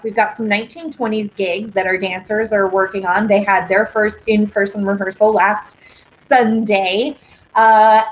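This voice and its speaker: Bubbly woman hosting a live stream. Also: on the high side. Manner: bubbly, squeals with excitement, rambling. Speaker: live-stream host and singer. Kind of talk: casual live-stream chat reading viewer comments. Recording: dull lo-fi stream audio.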